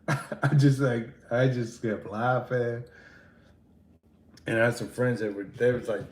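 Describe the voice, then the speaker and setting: A man hosting a livestream in casual chat, laid-back and quick to laugh. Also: mid-range voice, steady tone, roomy sound. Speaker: livestream host.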